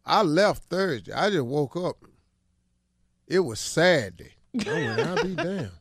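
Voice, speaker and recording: Gravelly-voiced man telling a story. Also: on the high side, unhurried, no room sound, studio quality. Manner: relaxed colloquial storytelling. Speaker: radio show host. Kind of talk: casual morning-show chat.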